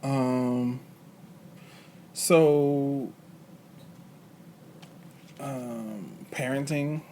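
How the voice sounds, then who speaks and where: Man, measured, thoughtful, hesitant, mid-range voice. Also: mid-range voice, mellow, a little hiss or hum. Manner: measured, thoughtful, many pauses and ums. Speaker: guest, husband and father. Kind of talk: casual chat.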